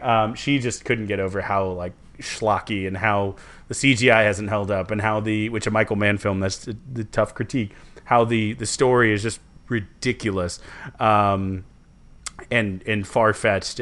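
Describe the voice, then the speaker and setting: A young man, co-hosting a podcast in casual, rambling, animated chat. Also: fairly low pitch. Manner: rambling, self-correcting and animated. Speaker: podcast co-host.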